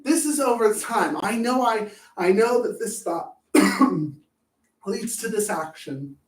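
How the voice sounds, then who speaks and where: A man's voice: animated, slow. Blunt, profane man in an echoey room. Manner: blunt and profane, swings between loud outbursts and low asides. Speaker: host. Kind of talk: live-streamed talk on anger management. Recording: echoey room, voice far from the mic.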